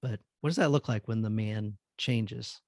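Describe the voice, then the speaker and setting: A man's voice: lowish voice, moderate pace, no room sound, studio quality. A man hosting a podcast interview, speaking encouragingly and addressing his listeners directly. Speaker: podcast host.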